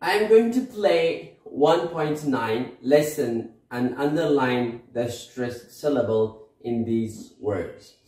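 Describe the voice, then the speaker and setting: Guy teaching slowly, keeps asking okay? right?, echoey room. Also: medium pitch, animated, darkish tone. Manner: slow explanatory teaching, frequent "okay?" and "right?" checks. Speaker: English teacher. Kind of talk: recorded online English lesson.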